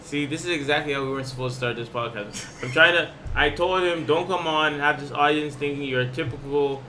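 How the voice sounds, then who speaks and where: A man's voice: a little high, a little fast, pushed and bright, slight background noise. A young man hosting a podcast, chatting casually and joking, often restarting his sentences. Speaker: podcast host. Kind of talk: casual chat.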